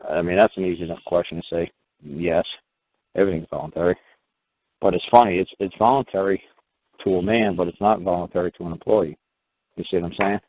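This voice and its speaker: A man hosting a talk show, explaining his views to a caller in a rambling, emphatic way, with many fillers and restarts. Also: deep voice. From United States. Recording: phone-like line with faint hiss.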